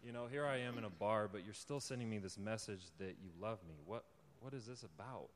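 A young man with a fairly low voice preaches to a crowd in a large hall, and long reverb trails after his words. He tells his story in a relaxed, chatty way and laughs often. Then he pushes into earnest, fervent exhortation. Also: a little fast, a little hiss or hum. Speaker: lay preacher giving a testimony. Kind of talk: informal sermon testimony.

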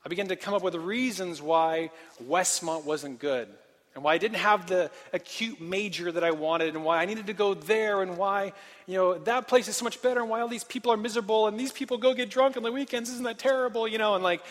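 A man's voice: high voice, fairly quick. A young man from Portland, Oregon, telling a personal story in a casual, self-deprecating sermon style. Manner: animated, self-deprecating, casual filler-heavy. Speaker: speaker. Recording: long hall reverb.

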